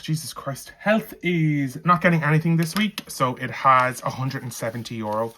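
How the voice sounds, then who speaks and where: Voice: mid-range voice, fairly even intonation, moderate pace, bright, forceful tone. A budgeting vlogger with an Irish accent, chatting casually at home while counting cash aloud into envelopes. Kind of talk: casual vlog chat.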